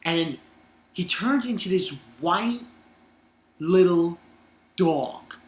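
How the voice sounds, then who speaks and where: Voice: medium pitch, lively intonation, drawn-out words, a little hiss or hum. An anime reviewer recapping an episode in a rambling, casual way, swearing and using lots of fillers. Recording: roomy echo.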